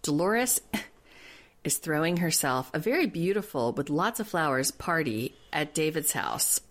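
A woman's voice: low-pitched, animated, measured pace, fairly bright tone. A woman co-hosting a casual chat show, gossiping bluntly and laughing often. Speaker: podcast co-host.

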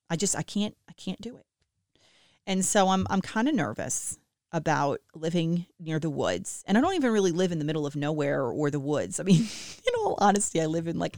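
A woman in her thirties chatting casually and self-deprecatingly to listeners about family life, with lively swings in her voice. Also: fairly low pitch, dry recording, clean studio sound. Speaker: mom sharing family updates with listeners. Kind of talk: casual chat.

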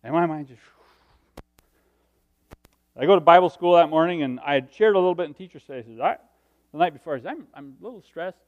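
Middle-aged male preacher, high-pitched, animated storytelling, quiet asides to loud peaks. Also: quick pace, pauses often, muffled recording. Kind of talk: sermon with personal stories.

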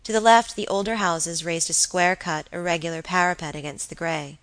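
A woman's voice: lowish voice, steady tone, fairly quick, a bit bright, no room sound, poor audio. A woman narrating a classic novel as an audiobook reader, reading expressively.

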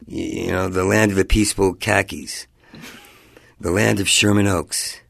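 Stuttering New man with gravelly voice. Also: low voice, steady tone, moderate pace, a bit bright, no echo, clean studio sound. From New Jersey. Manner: heavy stutter, rambling and self-interrupting. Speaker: guest comedian. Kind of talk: casual interview chat.

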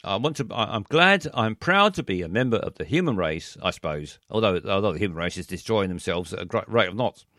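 A man's voice: fairly low pitch, lively intonation, brisk, hardly any pauses, bright, forceful tone, dry recording, clean studio sound. A middle-aged man, hosting a late-night show and rambling through listener messages, hesitant and self-deprecating with many stammers. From England.

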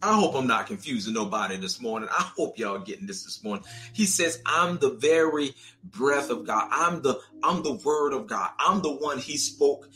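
Male preacher with a bright, forceful voice and a lilt, preaching with call and response over faint music. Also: expressive, moderate pace. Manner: preaching, calls out to the congregation, rising pitch. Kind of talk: sermon.

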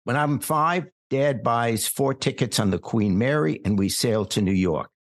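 An older man, a podcast guest born in England, telling long stories in a relaxed, wry conversational way. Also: medium pitch, a little slow. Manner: relaxed anecdotal storyteller, wry asides. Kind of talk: storytelling in conversation.

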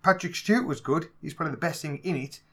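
A man with a Black Country accent, co-hosting a casual movie podcast, talking in a lively way, swearing freely and acting out scenes in raised voices. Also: on the high side, quick pace, breathy edge. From England. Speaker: podcast co-host. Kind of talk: casual movie review chat.

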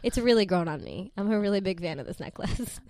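A woman's voice: medium pitch, lively intonation, fast, a little mellow, dry recording. Twenty-something woman co-hosting a podcast, rambly and swears a lot, dry close sound. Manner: rambling, swears freely, laughs often. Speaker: podcast co-host. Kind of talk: casual chat.

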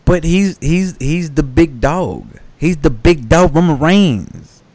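A man's voice: on the high side, expressive, takes it slowly, a little mellow. A man co-hosting a podcast in casual chat, laid-back and agreeable. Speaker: podcast co-host.

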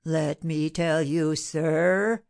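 A woman's voice: deep voice, fairly even intonation, unhurried, gravelly. A woman voicing a mournful, timid middle-aged male porter who moans in a dolorous voice. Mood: doleful. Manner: moaning, dolorous.

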